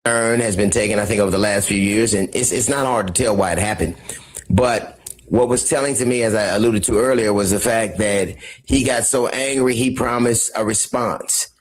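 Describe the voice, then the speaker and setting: A commentator in a played clip, talking haltingly with many fillers and repeating his points. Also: lowish voice. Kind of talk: measured talk-show commentary.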